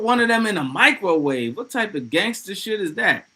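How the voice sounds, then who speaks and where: A man hosting a casual livestream, talking loosely and excitably with plenty of profanity as he reads out chat messages. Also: sits high, moderate pace, hardly any pauses, breathy edge, rough recording. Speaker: livestream host.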